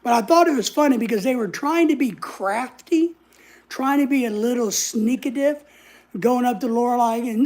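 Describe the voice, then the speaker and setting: A woman's voice: a little high, moderate pace, darkish tone. A woman, telling a story in a casual vlog, sassy and blunt, swearing freely. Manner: sassy, blunt, swears freely, acts out other people's lines. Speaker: vlogger.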